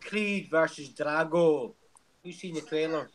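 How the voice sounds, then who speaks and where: A man's voice: a little high, measured pace, low-quality recording. A man chatting casually on a late-night MMA show, joking and swearing freely while watching fights.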